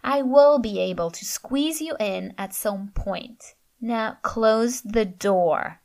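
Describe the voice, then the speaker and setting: A woman's voice: a little high, takes it slowly, vocal fry, darkish tone. A woman voicing a curt, formal female professor who talks in clipped, icy sentences. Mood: stern. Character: stern, curt female professor, middle-aged.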